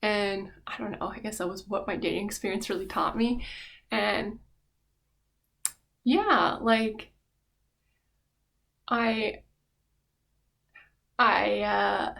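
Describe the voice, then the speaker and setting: A woman's voice: medium pitch, creaky, a bit bright. A young adult woman vlogging, talking in a rambling, candid way with many fillers. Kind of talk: casual reflective monologue.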